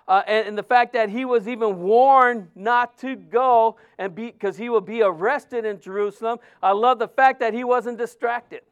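A man preaching a sermon in a fairly high voice that stays smooth and resonant. He tells personal stories with animation and slips into other people's voices as he quotes them. He is a pastor of Mexican heritage. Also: lo-fi sound.

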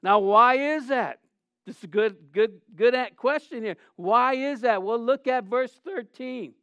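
A middle-aged male pastor preaching a sermon in an animated way, asking the congregation questions and acting out quoted voices. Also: extremely high pitch, unhurried, smooth, dry recording, muffled recording. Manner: acts out quoted voices in asides.

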